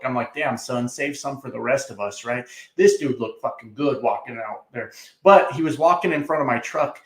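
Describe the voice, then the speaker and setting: A man's voice: medium pitch, reverberant. Profane joking trucker man. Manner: profane, joking, rambling with many fillers. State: coughing a little. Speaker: trucker reading live chat. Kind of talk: casual livestream chat.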